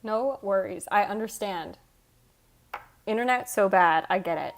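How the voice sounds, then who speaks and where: Faint background music plays as this Michigan-accented American woman streams, responding to her chat in a chatty way and poking fun at herself. She speaks at a moderate pace in an expressive, mid-range voice.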